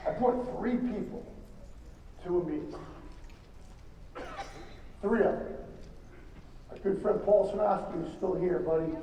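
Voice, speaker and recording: A man giving an emphatic, rambling motivational speech to an audience, with halting restarts. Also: sits high, mellow. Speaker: motivational speaker at a business event. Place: large hall. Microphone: distant from the microphone. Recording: echoey hall from far off, faint noise.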